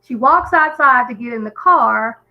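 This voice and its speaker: A woman's voice: fairly high pitch, animated, moderate pace. Earnest woman caller on a lo-fi line. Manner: earnest, emphatic storyteller with frequent restarts. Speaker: guest caller on a live stream. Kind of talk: casual call-in chat.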